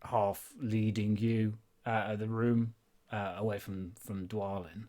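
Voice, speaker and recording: A man's voice: lowish voice, level tone, slow pace, warm tone. A man narrating as game master of a tabletop game in a loose, rambling, chatty way.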